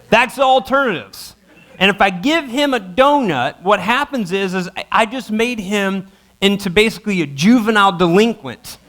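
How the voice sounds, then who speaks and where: Animated, high-voiced storytelling pastor. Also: male voice. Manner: animated, self-mocking, acts out his family in quick voices. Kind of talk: humorous sermon storytelling. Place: church auditorium.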